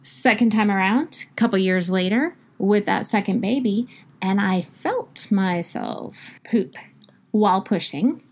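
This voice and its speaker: A woman's voice: medium pitch, measured pace. A middle-aged woman co-hosting a podcast, telling stories in a chatty, earnest and playful way. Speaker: podcast co-host. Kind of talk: casual podcast chat.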